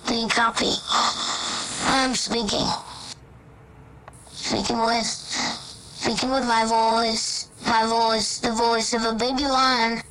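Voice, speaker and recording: A woman voicing a baby lion cub who sends a slow, repetitive, earnest message as if over a radio. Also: a little high, flat delivery, background noise.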